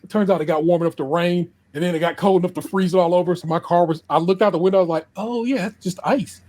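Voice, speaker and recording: A man's voice: high-pitched, level tone, racing, a little mellow. A man co-hosting a podcast in casual chat, laid-back and slangy, often laughing and repeating words. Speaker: podcast co-host.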